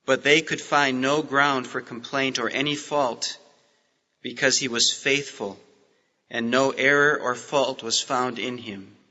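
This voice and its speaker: A man preaching a sermon and reading scripture, with emphatic swings in pitch and stress. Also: steady tone, measured pace, pushed and bright, lo-fi sound. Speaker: pastor. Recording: old sermon tape, long hall reverb.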